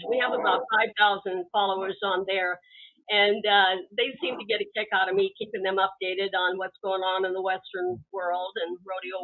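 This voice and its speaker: A woman guest calling in to a talk show, chatting in an easygoing, conversational way. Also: mid-range voice. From American West. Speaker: guest, film producer. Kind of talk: casual interview chat. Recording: tinny phone line.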